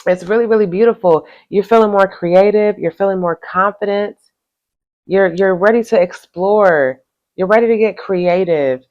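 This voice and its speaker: A woman's voice: medium pitch, moderate pace, muffled recording. A woman giving a tarot reading to her viewers, effusive and encouraging, with casual slang. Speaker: tarot reader.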